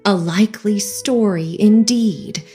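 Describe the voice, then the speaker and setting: A woman voicing a fretful, suspicious female pigeon with a shrill, indignant manner in a storybook reading. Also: takes it slowly, mellow, faint music behind, close to an everyday voice. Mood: contemptuous.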